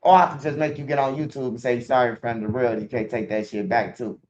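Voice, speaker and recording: A man's voice: mid-range voice, fairly even intonation, fast, darkish tone. A man talking casually to the camera in a rambling, profane street manner, recorded with dull lo-fi sound.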